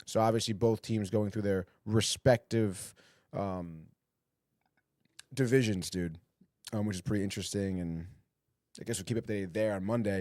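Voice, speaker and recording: A man's voice: fairly low pitch, darkish tone, dry recording. A man hosts a casual sports podcast, talking loosely and with plenty of swearing. His speech is full of "dude" and "like", and he reads out headlines and quotes in a mocking tone. The recording is dry and close to the mic. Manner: loose and profane, heavy "dude" and "like" fillers. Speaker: podcast host.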